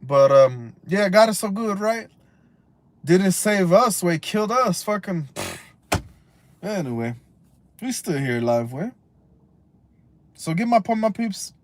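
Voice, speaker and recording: A man ranting on a livestream, rambling and cursing, dropping Spanish slang, swinging from loud outbursts to low mutters. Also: very animated, slow, pauses often. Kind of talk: casual rambling livestream rant.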